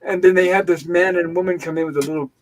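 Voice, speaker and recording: A high-pitched man hosting an open-mic livestream. He tells his story in an animated, indignant way, venting as he goes, in a loose conversational style. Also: fast talker, poor audio. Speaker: livestream host. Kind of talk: casual storytelling chat. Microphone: home livestream setup.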